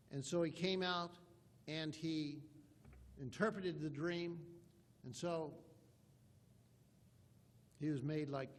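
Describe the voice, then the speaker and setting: A man, a pastor, preaching an emphatic sermon and reading scripture aloud in old-fashioned wording from a church sanctuary. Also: on the high side.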